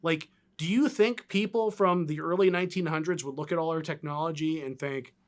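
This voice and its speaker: A man co-hosting a podcast in casual chat, animated and rambling, filling his talk with "like" and "right?". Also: a little high, brisk. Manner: animated, rambling, lots of 'like' and 'right?'. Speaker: co-host.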